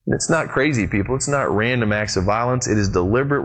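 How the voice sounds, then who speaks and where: A pastor preaching a sermon, retelling the story with lively, sweeping swings in his voice and speaking straight to his congregation. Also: a little fast. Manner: animated storytelling with big pitch swings; addresses the congregation directly.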